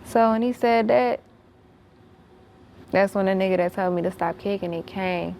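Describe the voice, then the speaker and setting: A woman's voice: mid-range voice, moderate pace, gravelly, warm tone. A woman telling a story as a guest. She speaks bluntly and emphatically, swears a lot, and repeats herself when worked up.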